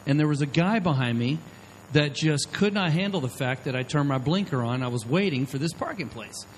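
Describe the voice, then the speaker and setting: Slightly high, expressive, and brisk, a middle-aged man preaches as pastor, telling stories loosely and asking "okay?" again and again. The low-quality recording has a faint hiss.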